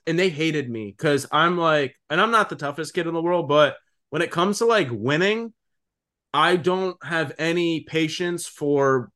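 A young man co-hosting a casual podcast, blunt and unfiltered, swearing freely and leaning on "like" and "dude". His voice sits a little higher than most men's. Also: a bit bright. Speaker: podcast co-host.

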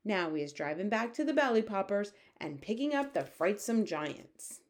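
A woman's voice: mid-range voice, very animated, moderate pace, close to an everyday voice. A woman voicing a huge, kindly old male giant who speaks in jumbled grammar in a storybook reading. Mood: matter-of-fact. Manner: jumbled grammar, gentle and plain-spoken.

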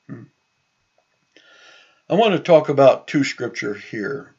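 Slow-spoken preacher man, husky voice. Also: medium pitch, expressive. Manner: slow, conversational, with frequent restarts and asides. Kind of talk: sermon with scripture reading. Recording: dull lo-fi recording.

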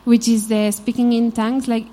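Spanish-accented woman giving a mellow sermon. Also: a little high, little pitch movement, normal speed. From Spain. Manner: informal, frequent "you know", storytelling asides. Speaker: Bible teacher. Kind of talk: conversational sermon.

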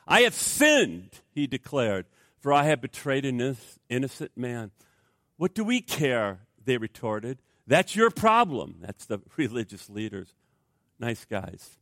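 Brief: male pastor, fairly high voice, dry close sound, emphatic sermon delivery with rhetorical questions. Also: a bit bright, no echo.

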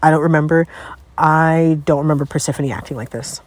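A woman's voice: low-pitched, steady tone, a little fast. A young adult woman hosting her own podcast, venting in a profane, exasperated, comic solo rant. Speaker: podcast host.

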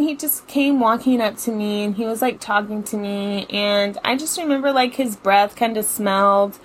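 Young female podcast host, slightly high voice, loose and profane storytelling. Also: slight background noise. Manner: chatty, profane, filler-heavy with lots of "like". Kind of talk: casual storytelling.

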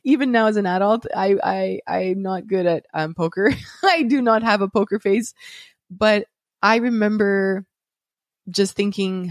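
At a measured pace, this podcast host and parent shares a personal story in a frank, chatty manner full of restarts and light laughter. Her voice sits in the mid range, recorded in studio quality without echo.

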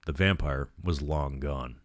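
A man reading a horror novel aloud as a storyteller, with steady, measured narration. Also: a bass voice.

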